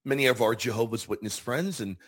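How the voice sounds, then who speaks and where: A man hosting a Catholic devotional show, teaching with fervent, emphatic delivery and slowing down to stress key words. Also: mid-range voice, a bit bright.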